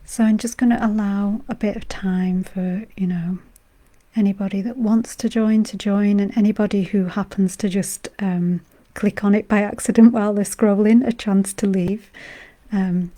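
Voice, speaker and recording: A woman from Britain who is unwell, her voice going, talking gently and softly as a meditation guide on a live stream, rambling with many fillers. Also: mid-range voice, fairly even intonation, moderate pace. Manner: soft-spoken, gentle and rambling, with frequent fillers. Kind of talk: casual spiritual talk on a live stream.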